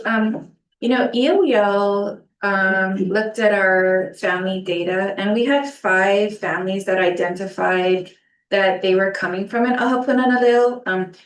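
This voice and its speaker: Woman board member, inquisitive, thinks aloud, mid pitch, echoey room from afar. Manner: inquisitive, reasoning aloud with fillers. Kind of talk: public meeting remarks. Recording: echoey room, distant mic.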